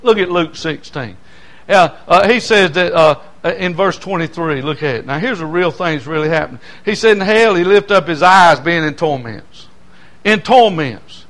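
An older man preaching a fiery sermon, swinging from loud cries down to low tones and asking for amens. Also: normal speed.

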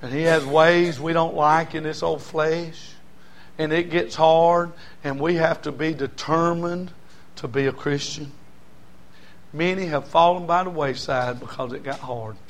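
A man's voice: on the high side, fairly even intonation, measured pace. A man preaching a sermon to a church congregation in an emphatic, repetitive cadence with folksy humor.

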